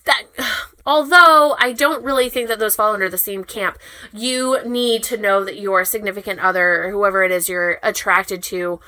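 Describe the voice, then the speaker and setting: Bright-voiced rambling woman podcaster. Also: medium pitch, steady tone, moderate pace, no echo, low-quality recording. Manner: rambling, swears casually, stumbles over words. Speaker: podcast co-host. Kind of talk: casual chat.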